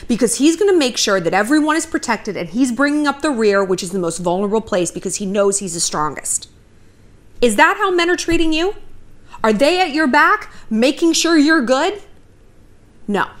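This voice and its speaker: A woman in her thirties talks straight to her viewers with frank, chatty dating advice. Her voice sits a little high and swoops all over with lively, animated inflection. She swears freely and drifts into storytelling asides. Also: moderate pace. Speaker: commentary vlogger giving dating advice. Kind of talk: casual direct-to-camera advice talk. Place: home near a river, outside noise.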